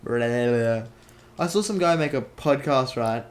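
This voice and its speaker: A man's voice: expressive, normal speed. A teenage boy, chatting and joking on a casual podcast. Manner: joking, jumpy pitch. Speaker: podcast host. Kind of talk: casual chat.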